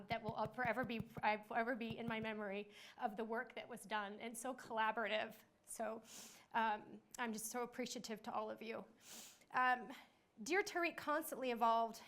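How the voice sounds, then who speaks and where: A woman with a fairly high voice gives a heartfelt speech at a book launch. She is an emotional, gushing teacher and founder who talks through fillers and restarts. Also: fairly bright tone.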